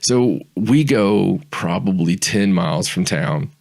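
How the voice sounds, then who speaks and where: A man's voice: low-pitched, animated, slow, vocal fry, a little mellow. A man hosting a podcast, telling a rambling anecdote with restarts and laughter. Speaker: podcast host.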